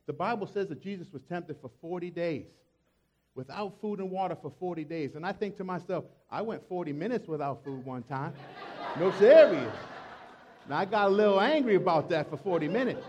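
A man's voice: fairly high pitch, a little mellow. A man preaching a sermon in a conversational, joking way, breaking in with emphatic asides. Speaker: pastor.

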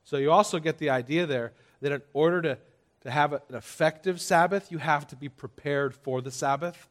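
A man's voice: fairly high pitch, moderate pace. A man preaching a sermon, getting the congregation to repeat phrases and telling stories with playful exaggeration. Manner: lively preaching, audience call-and-response, playful exaggeration. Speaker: pastor.

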